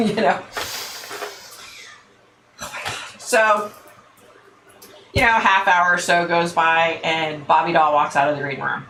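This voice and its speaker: A woman's voice: on the low side, a little slow, long pauses, slight background noise. Laughing woman telling a story. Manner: animated, laughing often, acts out quotes. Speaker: psychic show host. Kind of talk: casual storytelling. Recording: echoey room.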